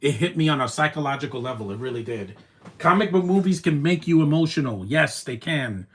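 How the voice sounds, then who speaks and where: A man streaming his reaction to a movie, talking in an emotional, rambling way with many "man" tags and the odd loud taunt. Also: on the high side, lively intonation, brisk. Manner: soft-spoken, with sudden loud taunting outbursts. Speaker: live streamer.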